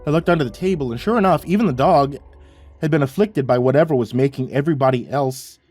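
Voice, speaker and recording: A man reading a horror story aloud as a narrator, in a wry, measured manner. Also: medium pitch, a little mellow, faint music behind.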